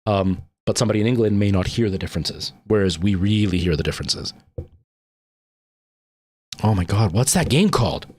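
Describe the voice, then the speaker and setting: A Canadian man streams a game and chats loosely with his viewers. His voice sits a little low, and his talk meanders with many "like"s and "um"s. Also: expressive, fairly quick, long pauses, a little mellow, breathy edge, no echo. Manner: rambling, with frequent "like" and "um". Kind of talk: casual chat with live-stream viewers.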